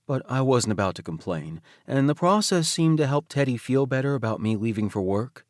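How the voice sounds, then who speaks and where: A man narrating a romance audiobook in first person, intimate and soft-spoken. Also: mid-range voice, animated, brisk, no room sound, clean studio sound.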